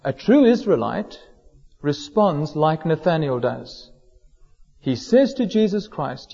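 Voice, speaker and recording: Preacher in an echoing church. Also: male voice, on the high side, big pitch swings, vocal fry, mellow. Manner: measured, slows down for emphasis on quoted words. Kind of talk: sermon. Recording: dull lo-fi sound in a hall with long reverb.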